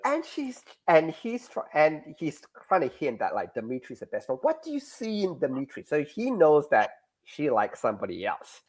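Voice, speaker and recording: A man explaining his craft in a relaxed interview, rambling and self-deprecating. His pitch swings widely from line to line. He sounds animated throughout. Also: moderate pace, hardly any pauses. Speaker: comic creator, interview guest. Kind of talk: explaining in a casual podcast interview.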